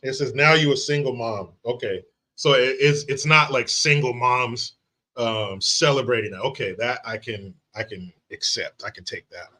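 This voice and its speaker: A man, an adult father of young children, hosts a loose livestream, chatting directly to viewers, greeting them by name and reading their comments. His medium-pitched voice is bright and forceful, moderately paced, and his animated talk is salted with swearing.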